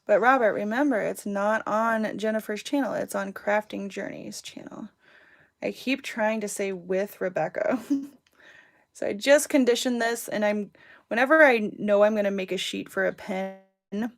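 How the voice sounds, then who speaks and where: A woman hosts a casual livestream craft tutorial, chatting and giggling with her viewers while she works. Her voice is medium-pitched with vocal fry, and she runs a crafting channel.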